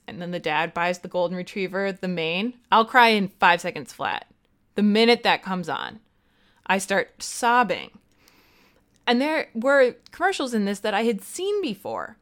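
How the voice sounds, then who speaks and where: A young woman co-hosts a podcast in relaxed, chatty conversation. Her voice is smooth and clear, and she tells stories in an animated, self-deprecating way. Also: mid-range voice. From United States. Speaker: podcast co-host. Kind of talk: casual chat.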